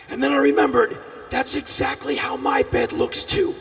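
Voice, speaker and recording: A man performing a live storytelling monologue on a festival stage, animated, with bursts of shouting. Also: very high-pitched, moderate pace, soft background music. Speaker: spoken-word performer. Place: large outdoor festival stage. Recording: echoey stage sound from a distance.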